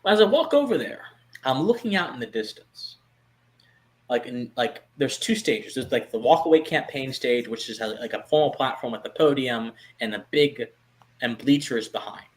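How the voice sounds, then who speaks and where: A man hosting a live stream, telling a long personal story in a chatty way, full of fillers, restarts and sudden swings between hushed asides and loud bursts. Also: mid-range voice, normal speed. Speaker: streamer and show host.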